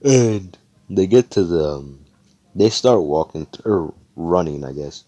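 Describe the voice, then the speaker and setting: A man's voice: low-pitched, expressive, measured pace, dark tone, no echo. A young man casually recapping a role-play session, rambling, swearing and full of fillers. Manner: rambling, profane, filler-heavy.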